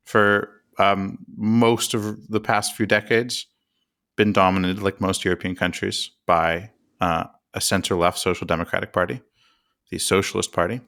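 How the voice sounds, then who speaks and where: A man's voice: lowish voice, bright, forceful tone. An American man co-hosting a podcast, explaining politics in a chatty, self-deprecating way with fillers and restarts. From United States. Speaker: podcast co-host.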